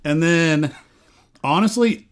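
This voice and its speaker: A man co-hosting a live podcast off screen, reading the chat with a playful, animated delivery. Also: on the high side, slow, slight background noise. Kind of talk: casual live-show chat.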